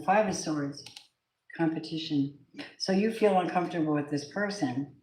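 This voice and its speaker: A woman's voice: deep voice, brisk, darkish tone. Effusive woman tarot reader, echoey room. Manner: effusive, gushing address to viewers, occasional swearing. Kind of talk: live tarot reading to viewers.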